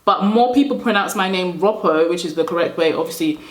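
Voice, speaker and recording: A young woman from Nigeria chats through a get-ready-with-me video at home, her stories rambling and full of fillers. Her voice sits a little low. The room around her is echoey. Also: fast talker. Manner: chatty, rambling, laughs often, many "like" fillers. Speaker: beauty vlogger. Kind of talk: casual storytelling while doing makeup.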